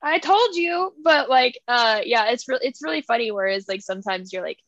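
Bubbly high-voiced young woman chatting. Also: fairly quick, no room sound, highs cut off. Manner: animated storyteller, acts out family quotes, heavy "like" filler. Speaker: podcast co-host. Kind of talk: casual chat.

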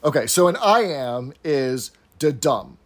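A man talks casually as a podcast co-host, his voice sitting a bit higher than most men's. He explains things patiently, with fillers and restarts, and laughs easily. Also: animated, slow pace. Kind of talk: casual chat.

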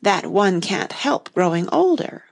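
A woman's voice: on the low side, very animated, unhurried, creaky, heavily acted. A woman voicing a polite, curious seven-year-old girl in a storybook reading. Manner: polite, earnest. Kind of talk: audiobook reading.

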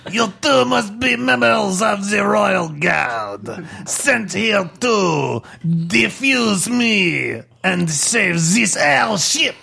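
A man's voice: high voice, expressive, very slow, creaky, bright, forceful tone, pitched above the performer's own voice, exaggerated voice. A man voicing a fanatical talking bomb with an exaggerated French accent, declaiming and laughing. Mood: gleeful, grandiose. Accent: French (put on).

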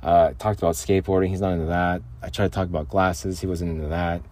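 A man's voice: deep voice, level tone, fast, a little mellow. An older man hosting his own podcast from a makeshift vocal booth, talking in a loose, rambling way, jumping between topics and chuckling often. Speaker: podcast host. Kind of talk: casual rambling podcast monologue.

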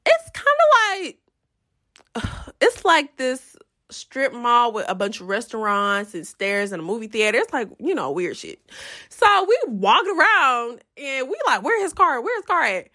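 A young adult woman telling a story to her viewers in a casual, profane, animated way, often breaking into laughs. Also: a little high, a little slow.

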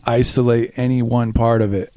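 A man's voice: mid-range voice, little pitch movement, moderate pace, darkish tone, no echo. A man co-hosting a podcast, talking casually in a reflective, easygoing way. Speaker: podcast co-host. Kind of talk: casual chat.

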